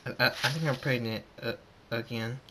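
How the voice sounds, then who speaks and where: A man's voice: medium pitch, steady tone, moderate pace, noisy background, lightly acted. A man voicing a brash, hot-tempered adult pegasus mare in a fan storybook reading, often stammering and emotional. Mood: anxious.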